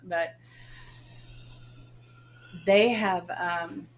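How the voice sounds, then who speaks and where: A woman's voice: on the low side, drawn-out words, a little hiss or hum, poor audio. A woman, a podcast guest, telling stories about her late son in casual conversation, acting out the dialogue as she goes. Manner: animated storyteller who acts out quoted dialogue. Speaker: podcast guest, grieving mother.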